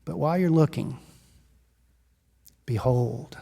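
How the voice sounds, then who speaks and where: A man preaching a sermon as pastor, telling stories in a conversational, lively way. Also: a little high, measured pace. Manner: storytelling, conversational and animated. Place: church sanctuary. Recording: long church reverb.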